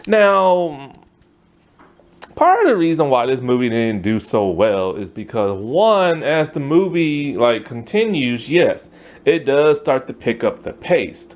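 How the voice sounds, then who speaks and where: A man's voice: medium pitch, big pitch swings, takes it slowly. A man giving a casual, rambling spoken movie review, full of fillers and asides. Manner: rambling, fillers like "you know what I'm saying".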